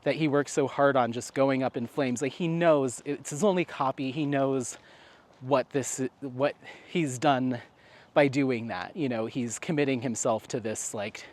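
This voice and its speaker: Male vlogger, mid-pitched, chatty and giggly, rambles with fillers. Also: measured pace. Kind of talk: casual chat to camera.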